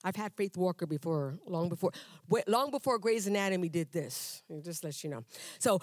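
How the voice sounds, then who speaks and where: A woman shares her personal testimony before a congregation in a church. She talks in a conversational, animated way, acting out dialogues with humor and restarting her sentences as she goes. Her voice sounds dry and close, with little room sound. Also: fairly low pitch, brisk, no room sound. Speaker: church member giving testimony.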